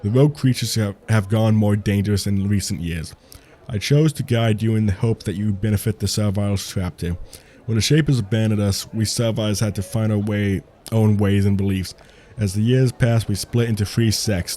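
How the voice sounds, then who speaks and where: A man's voice: on the low side, steady tone, moderate pace, mellow, natural voice. A man reading a proud servile tribe leader. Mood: guarded. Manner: reading game dialogue aloud with stumbles and restarts.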